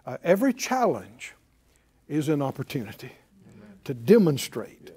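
High-voiced preacher guy, really animated, calls out and gets the room to say it back. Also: normal speed, slightly rough. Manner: lively, emphatic, call-and-response preaching. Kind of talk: sermon.

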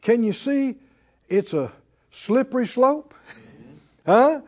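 A man's voice: extremely high pitch, animated, takes it slowly, a little mellow. A man preaching a sermon, who keeps quizzing his listeners with "Huh?". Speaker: preacher and Bible teacher.

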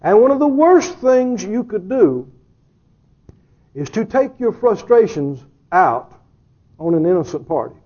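A man's voice: sits high, sing-song, a little slow, long pauses, mellow, lo-fi sound. A man preaching a sermon who jokes with the congregation, chuckles often, and asks rhetorical questions.

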